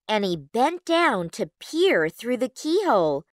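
A woman narrating a children's storybook clearly for learners. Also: fairly high pitch, very animated, measured pace, dry recording, studio quality.

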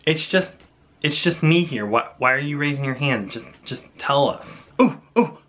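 A young man giving a playful Bible lesson for children, animated and jokey, talking straight to the kids. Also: mid-range voice, normal speed.

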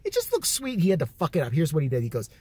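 A man's voice: a little high, wildly swooping pitch, very fast, darkish tone, slightly rough, no echo. A man vlogging, telling crude comic stories in a rambling, profane way that keeps correcting itself. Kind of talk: comic storytelling.

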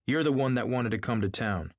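Male reader as a courteous, mild self-made gentleman, dry close mic. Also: mid-range voice, a little fast, no echo, voice pushed up, natural voice.

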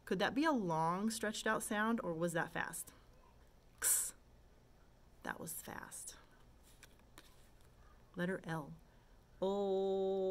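A woman's voice: mid-range voice, fairly bright tone. A woman teaching kindergarteners phonics, patiently modeling and stretching letter sounds and asking simple questions. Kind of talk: slow, patient phonics lesson for young children.

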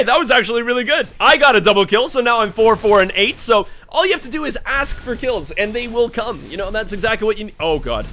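A man giving live commentary over his own gameplay, swinging between muttering and yelling, swearing and laughing as things go wrong. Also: high voice, expressive, quick pace, hardly any pauses, slight background noise. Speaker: gaming YouTuber.

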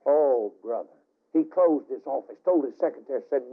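A man preaching a fiery revival sermon, telling the story dramatically with sudden shouts and hushed asides. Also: a little high, wildly swooping pitch, measured pace. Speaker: evangelist. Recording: tinny archival radio broadcast.

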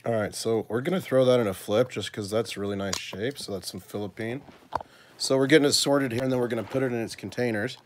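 A man hosting a casual coin-collecting video, chatting to his viewers and thinking aloud as he sorts, with excited little exclamations. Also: medium pitch, fast, slight background noise. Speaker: coin collecting channel host. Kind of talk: casual live coin sorting chat.

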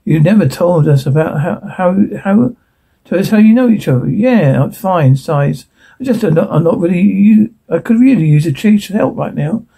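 Man, husky and gravelly, dark tone, reads every part and stage direction flatly. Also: high voice, moderate pace. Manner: flat, stumbling read-aloud with stage directions. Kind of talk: one voice reading all parts of a show transcript.

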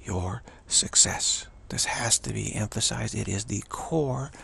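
A man giving an earnest spiritual pep talk as a teacher, halting and repeating himself as he goes. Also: fairly low pitch, gravelly, sharp tone, a little hiss or hum. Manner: earnest, repetitive, halting with restarts.

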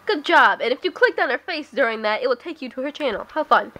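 A woman's voice: sits high, expressive, fast talker, bright, forceful tone. Giggly young woman vlogging on a noisy camera. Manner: giggly, rambling, self-deprecating. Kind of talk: casual vlog. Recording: noisy old home video camera.

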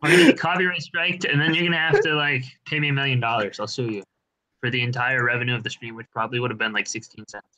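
Bright-toned man teasing on a live stream. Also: medium pitch, fairly even intonation, fast talker, poor audio. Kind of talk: casual live-stream banter.

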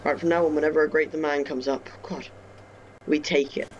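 A young gaming YouTuber plays a farming game in his home bedroom, giving casual let's-play commentary and chatting to viewers with self-mocking asides. His voice is on the high side, fairly even and fairly quick, on dull audio with a little hiss or hum.

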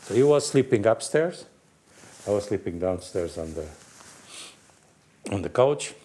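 An older man from Portugal with a Portuguese accent, animatedly telling racing anecdotes in halting, restarting speech. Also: lowish voice, lively intonation, warm tone. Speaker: guest storyteller, former racing team manager.

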